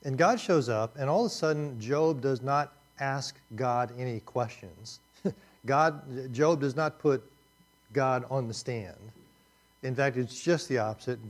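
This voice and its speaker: A man's voice: medium pitch, unhurried. A man teaching a class, talking in a conversational and emphatic way, often repeating himself. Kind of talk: classroom lecture.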